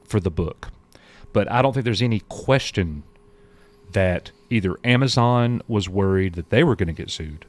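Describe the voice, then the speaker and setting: A man co-hosts a laid-back live stream, his voice sitting low. He drifts between reading viewer messages and chatting about them in a loose, unhurried way. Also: expressive. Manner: reads viewer messages aloud, drawling and chatty. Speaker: show co-host. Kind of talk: casual live-stream chat.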